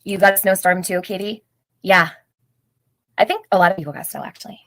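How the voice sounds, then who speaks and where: A woman's voice: mid-range voice, steady tone, brisk, fairly bright tone, no room sound, rough recording. A middle-aged woman hosting a casual livestream, chatting, greeting viewers by name and laughing often. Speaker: livestream host.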